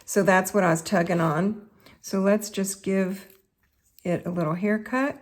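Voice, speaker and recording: A woman's voice: mid-range voice, fairly even intonation, a little slow. A woman with a Southern US accent hosting a chatty craft tutorial, talking straight to her viewers in a folksy way. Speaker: craft video host.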